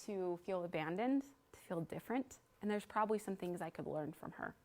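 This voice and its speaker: A woman's voice: lowish voice, animated, brisk, darkish tone. A woman in her thirties giving an earnest talk to a live audience, telling a story and guiding them through an exercise. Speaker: speaker at a library event.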